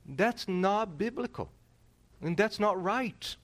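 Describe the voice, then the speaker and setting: A middle-aged man preaching a sermon from the pulpit. His voice sits a little high and swings widely in pitch as he presses each point, with frequent restarts along the way. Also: slow. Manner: animated, emphatic, with frequent restarts. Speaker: pastor.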